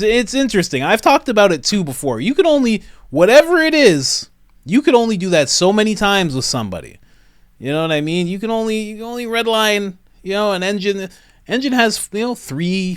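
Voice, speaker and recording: A man hosts comedic reaction commentary, chatty and enthusiastic. His slightly high voice rises and falls with lively swings, and the recording sounds dry and close. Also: no room sound.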